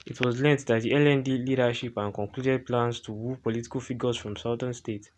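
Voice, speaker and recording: A man's voice: medium pitch, steady tone. A Nigerian man reads political news aloud at a raised volume. He stumbles now and then, restarts words, and carries on in a mid-range voice. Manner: loud, halting with restarts. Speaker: news reader. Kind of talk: reading news articles aloud.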